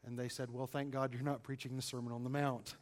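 A man preaching a sermon, stressing single words and swinging between loud and quiet delivery. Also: mid-range voice, little pitch movement, quick pace. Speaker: pastor.

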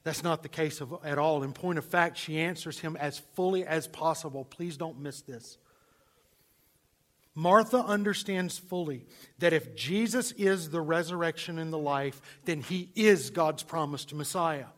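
A male pastor preaching a sermon, swinging from loud emphasis to hushed, near-whispered lines. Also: on the high side, unhurried.

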